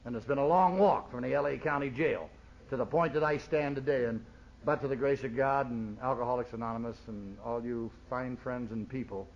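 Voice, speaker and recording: A man's voice: medium pitch, fairly quick, a little hiss or hum. An older man giving a personal recovery testimony at a meeting, plainspoken and streetwise, emotional as he speaks. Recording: dull lo-fi recording.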